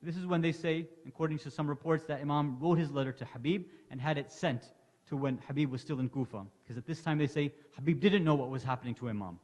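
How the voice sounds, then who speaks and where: A man's voice: a little high, quick pace, darkish tone. A man delivering an impassioned Muharram sermon to a congregation, telling the story with rising emotion. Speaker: lecturer. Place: large hall at an Islamic center. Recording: long hall reverb.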